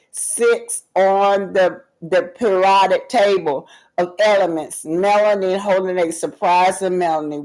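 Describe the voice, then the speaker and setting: A woman's voice: medium pitch, darkish tone, poor audio. A woman hosting a casual live stream, reading viewer comments aloud and talking emphatically and directly to her audience. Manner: emphatic, addresses viewers directly, loose and talkative.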